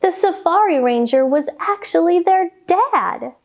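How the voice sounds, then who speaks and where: A woman reading a picture book aloud and leading children through yoga poses in a slow, sing-song, animated way. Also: extremely high pitch. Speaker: kids' yoga teacher reading a story. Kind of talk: storytime yoga lesson for children.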